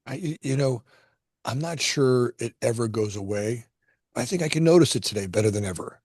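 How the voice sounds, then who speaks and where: A man's voice: mid-range voice, a little fast, a little mellow, slightly rough, no echo, studio quality. A middle-aged man from Florida, a company founder, telling personal stories in a casual conversation, often repeating words as he starts a thought. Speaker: guest, construction company founder.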